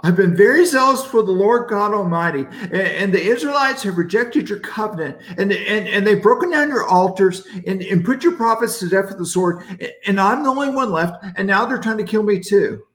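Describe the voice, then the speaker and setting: A man's voice: high-pitched, animated, normal speed, hardly any pauses, a bit bright, roomy sound, voice pushed up. A man voicing a self-pitying male prophet who rattles off his complaints in a stammering, breathless list. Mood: whining.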